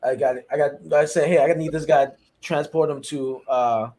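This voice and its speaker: Male podcast co-host, slightly high voice, playful anecdote teller who does voices. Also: steady tone, moderate pace, a little mellow. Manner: laughing, mimics voices in anecdotes. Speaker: podcast co-host, former corrections officer. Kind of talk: casual storytelling chat.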